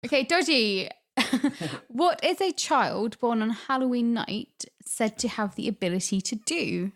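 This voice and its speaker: A woman's voice: on the high side, expressive, a little slow. A woman hosting a quiz on a casual podcast, upbeat and laughing often. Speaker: quiz host.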